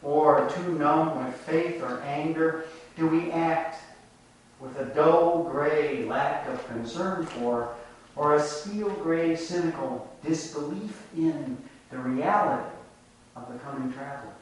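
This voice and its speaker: Recorded through a distant mic in an echoey room, with a little hiss or hum, a man on the higher side of the pitch range preaches reflectively. He tells a folk tale in a measured storytelling style and draws lessons from it.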